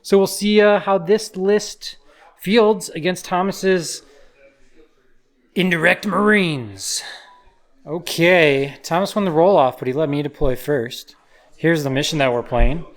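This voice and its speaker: A man in a laid-back, easygoing manner walks through his army and where he placed it. He often pauses with fillers as he talks. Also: fairly high pitch. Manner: laid-back, filler-heavy, explains deployment. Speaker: co-host player. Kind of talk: casual battle report talk.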